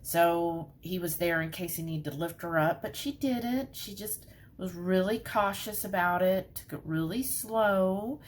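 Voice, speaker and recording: A woman's voice: on the low side, unhurried, a little hiss or hum. A woman talking casually to her viewers in a vlog, full of fillers and y'alls. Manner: chatty, lots of fillers, says y'all. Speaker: vlogger.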